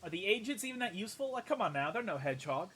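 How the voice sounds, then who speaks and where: Lively, bright-voiced male streamer. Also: sits high, racing, a little hiss or hum. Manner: casual, swearing, thinking aloud. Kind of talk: let's play commentary.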